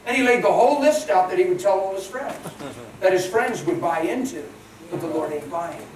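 A man preaching a sermon as a pastor, plain-spoken, swinging between hushed and loud. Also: high voice, expressive, a little fast, slight background noise. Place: large church hall. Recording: echoey hall from far off.

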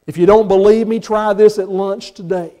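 Folksy Southern preacher, high voice. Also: male voice, steady tone, moderate pace. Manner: folksy, rises to impassioned shouts. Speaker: pastor. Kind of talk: sermon. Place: church sanctuary.

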